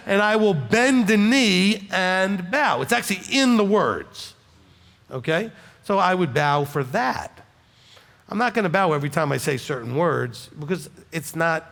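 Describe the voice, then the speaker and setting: Answering congregants' questions in a congregation hall, an Alabama rabbi with a Southern US accent talks conversationally and leans on "okay?" for emphasis. His voice is on the high side and a bit bright, sing-song with vocal fry, at a moderate pace. A long reverb tail follows.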